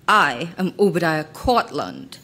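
A woman's voice: low-pitched, big pitch swings, slow pace, fairly bright tone, heavily acted. A woman reading a story aloud and voicing a pompous, arrogant male makeup mogul who speaks curtly and witheringly. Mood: haughty. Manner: withering, curt and superior.

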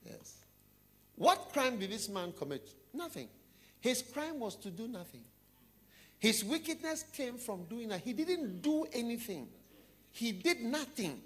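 A man preaching a sermon, telling a story and putting questions to his listeners, often dropping low and quiet. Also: sing-song, a little slow.

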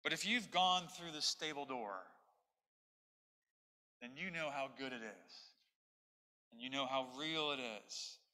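A man's voice: medium pitch, lively intonation, takes it slowly, pauses often, sharp tone, long reverb tail. A man preaching a sermon, reading a story aloud in an earnest storytelling manner. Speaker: pastor.

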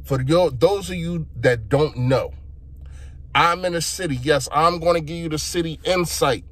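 A man's voice: on the high side, measured pace, a bit bright. A young man delivers a frustrated sports opinion rant and talks straight to his listeners. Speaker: sports fan vlogger.

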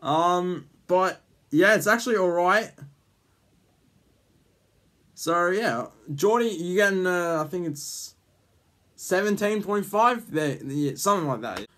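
A man's voice: high-pitched, expressive, slow pace, pauses often, fairly bright tone. A man hosting a casual vlog, rambling with lots of ums and jokey teasing. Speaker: YouTube host.

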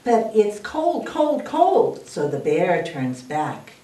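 A woman librarian reads a picture book aloud at a slow, unhurried pace. Her voice rises and falls lively, inviting the children to say the phrase with her. She sounds distant in a roomy, echoey space. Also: sits low. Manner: lively, expressive read-aloud, inviting kids to join in.

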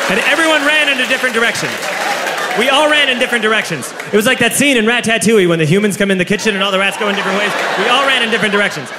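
Animated man doing stand-up, echoey room. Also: high voice. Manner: animated, shouting punchlines. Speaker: stand-up comedian. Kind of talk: stand-up storytelling. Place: comedy venue with a live audience. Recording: echoey room, crowd laughter, background noise.

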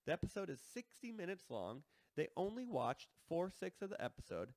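Lively, gravelly-voiced math teacher man. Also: on the high side, a little fast, no echo. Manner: explaining step by step, checking in with "right?". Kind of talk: math lesson walkthrough.

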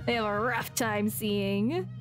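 A woman's voice: medium pitch, slow. A woman streamer giving casual, chatty commentary as she plays, talking to herself and giggling often. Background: game music.

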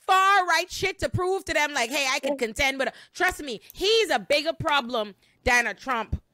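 A young woman talks in a casual panel chat with a bright, high voice. Her sound is close and dry, and she pushes her points with slangy emphasis. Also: animated, no room sound. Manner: emphatic, quick to laugh, slangy.

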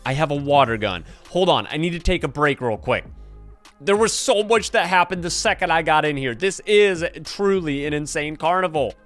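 A young man commentating on a horror game as he plays, excitable and jumpy, often yelping in fright. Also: fairly high pitch, moderate pace, dry recording, soft background music. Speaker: gaming YouTuber. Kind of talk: let's play commentary. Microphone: headphones and desk mic.

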